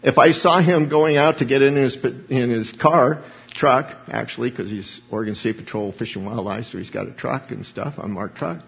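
Middle-aged guy preaching, husky voice, bit dull lo-fi sound. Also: medium pitch, moderate pace. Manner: animated preaching, voice rising and dropping. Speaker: pastor. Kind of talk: sermon.

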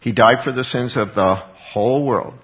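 A man's voice: mid-range voice, normal speed. A man teaching from the Bible in an informal sermon, his voice in a middle register. He talks to listeners conversationally, chuckles often and throws himself into acting out the quoted verses. The recording is dull and lo-fi.

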